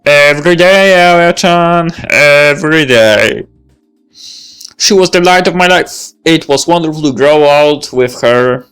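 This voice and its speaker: A woman's voice: deep voice, fairly bright tone, clean tone, faint music behind. A woman doing a kindly old grandpa. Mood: fond. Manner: slow, fond, grandfatherly delivery. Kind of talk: reading a visual novel aloud.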